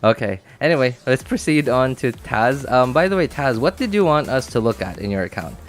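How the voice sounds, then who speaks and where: A man's voice: medium pitch, animated, a little fast, soft background music. A man chatting casually on a game livestream, rambling with many fillers and restarts and laughing easily. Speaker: game streamer.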